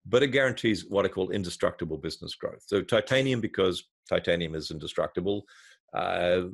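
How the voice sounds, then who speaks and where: Low-voiced man telling a marketing story. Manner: lively storyteller, builds examples step by step. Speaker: marketing consultant, guest. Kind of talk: explaining with a storytelling example.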